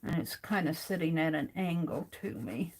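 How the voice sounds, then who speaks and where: With a deep, darkish, expressive voice, a middle-aged woman chats casually to herself during an art vlog sketching session. She slowly muses about what her next drawing should be.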